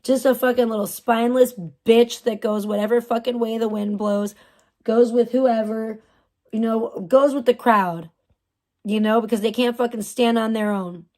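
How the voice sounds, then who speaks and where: Young woman streamer going off, swearing nonstop, kinda high voice, totally scornful. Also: steady tone, normal speed, darkish tone. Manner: profane, scornful ranting. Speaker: livestream host. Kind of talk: ranting livestream chat.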